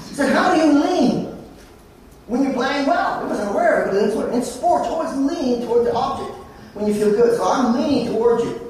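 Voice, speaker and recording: A psychologist giving a lively storytelling talk at a conference, acting out conversations with clients. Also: male voice, very high-pitched, brisk, slight background noise. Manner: animated, acts out client dialogues in a raised voice. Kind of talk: storytelling presentation to an audience. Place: conference hall. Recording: echoey hall, speaker far from the mic.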